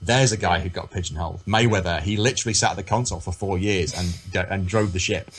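A man's voice: low voice, fast, breathy edge. An English man co-hosting a podcast in casual chat, tumbling through anecdotes and repeating words as he goes. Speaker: podcast co-host.

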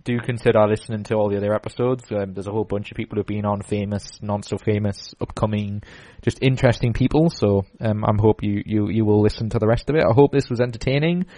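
A man's voice: fairly low pitch, steady tone, fast, warm tone. A man hosting a casual podcast, telling a rambling story full of fillers and restarts. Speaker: podcast host.

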